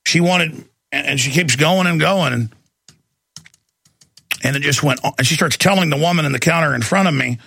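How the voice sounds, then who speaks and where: Gravelly, fired-up male talk show host. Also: fairly high pitch, normal speed, pauses often, pushed and bright, dry recording. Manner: heated, repetitive, emphatic. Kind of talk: ranting political commentary.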